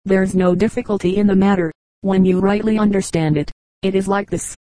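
Woman reader doing a matter-of-fact male traveling salesman, mellow voice, storybook. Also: mid-range voice, fairly even intonation, a little fast, no room sound, natural voice, rough recording. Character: chatty puzzling male commercial traveler.

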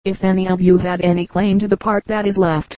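A woman's voice: medium pitch, level tone, brisk, dark tone, no echo, natural voice. Storybook lion, male, savage and boastful, growling, read by a woman. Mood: menacing. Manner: growling, menacing.

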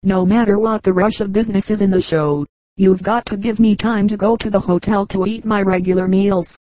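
A woman's voice: medium pitch, fairly even intonation, brisk, mellow, no room sound, lightly acted, rough recording. A woman reading the lines of a boastful young man who eats eggs for a living, in a matter-of-fact tone. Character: young man, boastful egg-eating freak.

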